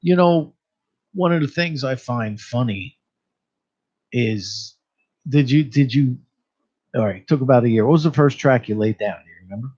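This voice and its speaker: A man's voice: medium pitch, normal speed, pauses often, a little mellow. Chatty male radio host, lo-fi. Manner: chatty, laughs often, stumbles over names. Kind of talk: casual radio interview chat. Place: radio studio. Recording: dull lo-fi radio broadcast.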